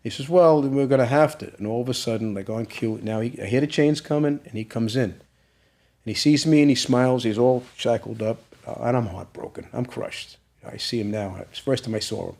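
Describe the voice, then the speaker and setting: A man's voice: mid-range voice, a little fast, vocal fry, darkish tone. A man as an interview guest, telling an emotional story and acting out the quoted dialogue with growing intensity. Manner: retells events with acted-out quoted dialogue, growing intense and emphatic.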